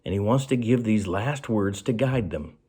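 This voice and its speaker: Earnest low-voiced male pastor. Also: moderate pace, breathy edge. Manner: earnest, conversational, drops to a soft low voice on key phrases. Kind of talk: short devotional sermon.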